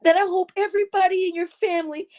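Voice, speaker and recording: Brief: young woman streamer, very high voice, can't stop laughing, profane, talks straight to chat. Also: steady tone, fast. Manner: keeps breaking into loud laughter, swears freely. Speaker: live streamer. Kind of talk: casual storytelling to a chat.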